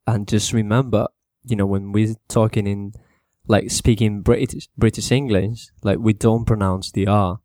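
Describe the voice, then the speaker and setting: A man teaching English to Spanish speakers in a casual spoken lesson, repeating words slowly to show how they sound. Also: on the low side, no echo, studio quality. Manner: relaxed, repeats words slowly to model pronunciation, mixes in Spanish.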